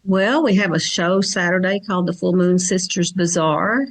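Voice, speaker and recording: A woman's voice: lowish voice, moderate pace, over a noisy crowd. A woman guest from Kentucky chatting casually on a podcast about her events and psychic work.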